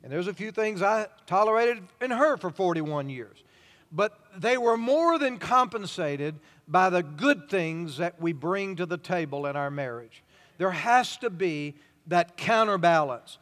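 Older pastor, folksy, high voice. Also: male voice, expressive, measured pace. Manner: folksy, warm-hearted storytelling with chuckles. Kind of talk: sermon. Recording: hall reverb.

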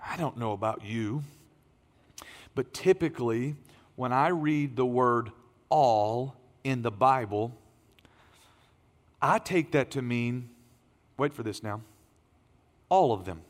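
A middle-aged man preaching as a pastor, his voice strained and tired, swinging from emphatic raised lines to quiet asides. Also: mid-range voice, animated, slow, long pauses. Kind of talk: sermon. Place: church sanctuary. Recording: long reverb of a large hall.

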